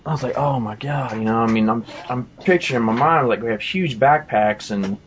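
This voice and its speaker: A man's voice: mid-range voice, brisk, highs cut off, slight background noise. A man telling a personal testimony in a casual, rambling way, full of asides and fillers. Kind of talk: casual storytelling.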